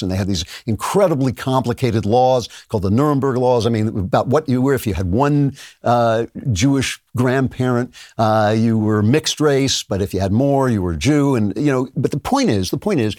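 A man's voice: mid-range voice, darkish tone, no echo, clean studio sound. A middle-aged man hosting a podcast, delivering an emphatic opinion monologue in a lecturing way and laughing now and then. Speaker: podcast host.

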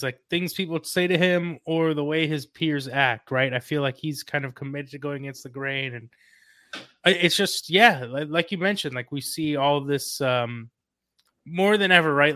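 A man guesting on a sports podcast as a writer, relaxed and easygoing, hedging with fillers. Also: on the high side, dry recording, clean studio sound. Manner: laughs easily, hedging with fillers. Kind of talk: casual podcast interview.

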